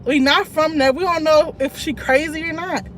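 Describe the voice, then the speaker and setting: High-voiced young woman telling a story. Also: fairly even intonation, normal speed, slight background noise. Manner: chatty storytelling, reads out viewer comments, bursts of laughter. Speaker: live streamer. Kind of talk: casual story time on a live stream. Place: in a car.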